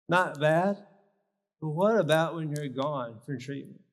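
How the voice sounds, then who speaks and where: A man with a slightly high voice speaks a little slowly, teaching in short, emphatic phrases during a live workshop talk at a health symposium. The large church hall adds a long reverb.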